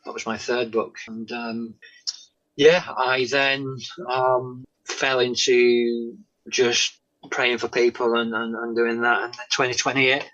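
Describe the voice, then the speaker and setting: A man, a guest telling his faith testimony in an interview, halting with many pauses and "um"s and often dropping to a soft tone. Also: mid-range voice, flat delivery. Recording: dull lo-fi sound.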